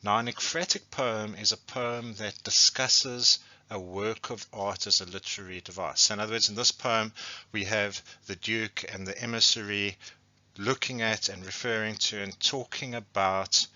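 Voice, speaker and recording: A man's voice: on the low side, steady tone, measured pace, bright, forceful tone, no echo, highs cut off. A man, an English teacher giving a recorded poetry lesson, who explains patiently and often restates points.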